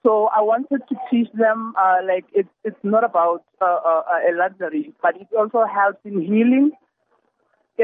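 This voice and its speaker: A woman calling in to pitch her beauty business, hesitant and full of fillers. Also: no echo. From South Africa. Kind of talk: live phone-in pitch. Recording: tinny phone line, very dry.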